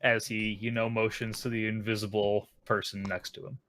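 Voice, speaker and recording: A man's voice: fairly low pitch, flat delivery, normal speed, fairly bright tone. A man talking in character as a tabletop roleplaying player, playful and teasing.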